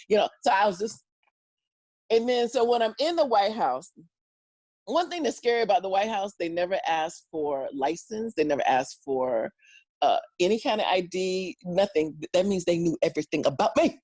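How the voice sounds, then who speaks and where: A woman's voice: medium pitch, moderate pace, no room sound. A middle-aged woman, an interview guest and comedian, telling stories animatedly, acting out voices and laughing often. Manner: lively, acts out voices and quotes, laughs often. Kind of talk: animated storytelling chat.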